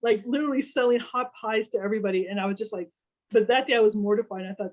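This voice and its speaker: A woman's voice: mid-range voice, quick pace, poor audio. A woman who works in food, casually telling a story about her work, acting out the people she quotes and filling her talk with "you know.". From Texas. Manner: animated, acts out quoted dialogue, many "you know" fillers. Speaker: culinary professional, panel speaker.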